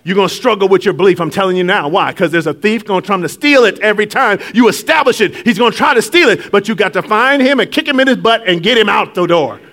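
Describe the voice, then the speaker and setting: A man preaching a sermon to a congregation, shifting between hushed, drawn-out lines and loud, laughing bursts. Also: sits high. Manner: animated preaching, swings from hushed to shouting, laughs often. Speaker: pastor.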